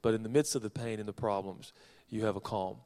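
A man from Seattle preaching a sermon as a pastor, reading scripture with folksy joking asides and swinging from soft to loud. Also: lowish voice, steady tone, fast. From Seattle, Washington, USA. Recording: long reverb of a large hall.

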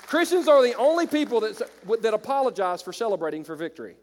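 Energetic Southern pastor in a big hall. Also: male voice, high-pitched, fast talker, a faint crowd, a little hiss or hum. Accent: American Southern. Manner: energetic, swings from loud exclaims to quiet storytelling. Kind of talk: sermon. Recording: long reverb of a large hall.

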